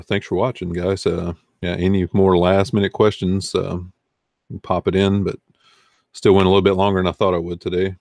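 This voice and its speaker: A man's voice: sits low, darkish tone, no room sound. A man with a Southern US accent hosting a casual livestream, rambling and answering chat comments. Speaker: eBay reseller hosting a livestream.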